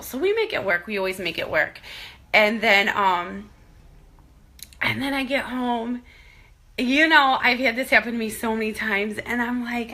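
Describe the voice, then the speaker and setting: A woman's voice: medium pitch, sharp tone. Tearful woman pep-talking herself. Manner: rambling, candid, self-encouraging. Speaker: mother vlogging about money worries. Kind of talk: emotional personal vlog.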